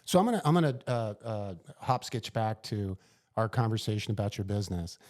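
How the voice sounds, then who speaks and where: Halting male podcast host. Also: lowish voice, expressive, a little mellow. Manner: halting, restarts often, frequent affirming murmurs. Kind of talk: casual interview questions.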